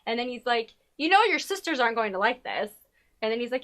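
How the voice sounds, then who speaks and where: High, bright-voiced woman recapping a show. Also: quick pace. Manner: animated retelling, acting out characters' lines; says "y'all". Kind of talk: casual chat.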